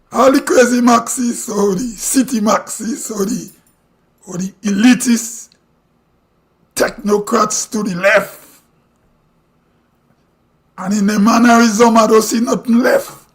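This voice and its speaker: Live-stream host, Grenadian man, very high voice, blunt opinionated rant. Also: steady tone, slow, pauses often. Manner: blunt, ranting, rhetorical questions. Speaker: livestream host. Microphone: streaming mic.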